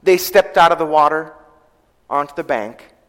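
A man preaching a sermon, retelling scripture in a storytelling way, slowing down for quoted verses and letting his volume rise and fall. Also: fairly high pitch, fairly bright tone. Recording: long hall reverb.

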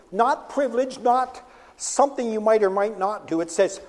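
A man preaching a sermon with emphatic delivery, rising to shouts and dropping to a hush. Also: sits high, normal speed. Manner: animated, emphatic, drops to a hush on quiet phrases. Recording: long hall reverb.

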